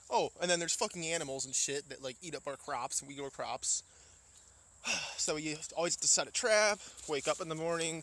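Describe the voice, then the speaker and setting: A man's voice: on the high side, fairly bright tone. A young man from Indiana, out of breath, profanely complaining in a casual vlog as he walks around a farm outdoors. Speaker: vlogger. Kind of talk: casual vlog walk-through, ranting. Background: faint insects and crickets.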